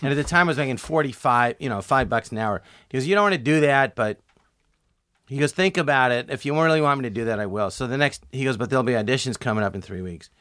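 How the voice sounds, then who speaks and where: A man's voice: fast, no room sound. Middle-aged man, storytelling guest, acts out quotes, dry close sound. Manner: animated, acts out quotes with jumps in pitch. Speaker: comedian guest. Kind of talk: storytelling interview.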